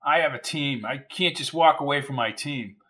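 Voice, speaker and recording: A man's voice: medium pitch, moderate pace, bright, forceful tone, natural voice. A man reading an audiobook, voicing a young coach mourning his father who speaks earnest and resolute.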